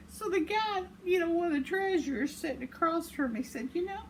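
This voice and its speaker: This older woman, a vlogger recording at home, has a fairly high, animated voice and keeps a moderate pace. She rambles casually through a story and chuckles at her own expense. Noise can be heard throughout the home recording.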